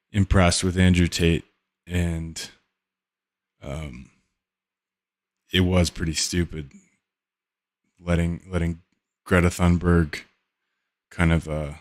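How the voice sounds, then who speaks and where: A man hosting a podcast, talking casually and haltingly, often searching for words. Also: low-pitched. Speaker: podcast host. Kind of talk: casual solo commentary.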